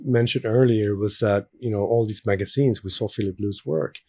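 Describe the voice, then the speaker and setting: A man's voice: fairly low pitch, fairly even intonation, normal speed, warm tone, slightly rough. A man with a Swedish accent, a guest in a casual interview, who talks in an easygoing way and laughs often. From Sweden. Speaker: tattoo artist guest.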